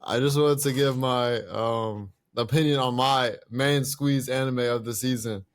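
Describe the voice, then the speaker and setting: A man on a podcast putting on a boastful British caller with a playful, drawn-out delivery. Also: medium pitch, steady tone, lightly acted. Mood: hammy, boastful. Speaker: podcast co-host. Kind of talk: joking impression on a podcast.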